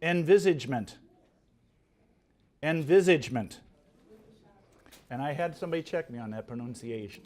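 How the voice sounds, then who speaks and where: Lively, playful man calling spelling words. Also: a little high, moderate pace, pauses often. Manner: animated, playful, joking with contestants. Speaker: spelling bee word caller. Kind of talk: reading words for a live spelling contest.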